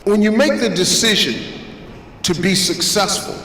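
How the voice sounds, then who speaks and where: A man's voice: sits high, a little slow, sharp tone, slight background noise. A man giving a motivational talk to students, emphatic and preacherly, repeating phrases for effect. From United States. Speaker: guest speaker. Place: large auditorium. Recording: echoey hall from far off.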